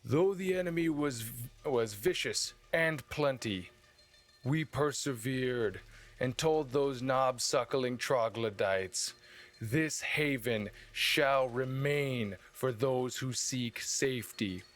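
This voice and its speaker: A man's voice: mid-range voice, takes it slowly, a bit bright, soft background music. A man voicing a fierce, battle-hardened knight commander giving a harsh war speech to his troops. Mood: rousing.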